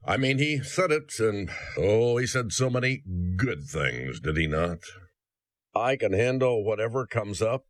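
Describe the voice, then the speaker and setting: A man's voice: fairly low pitch, very animated, a little slow, dry recording. A male preacher delivering a sermon, speaking earnestly and directly to the listener.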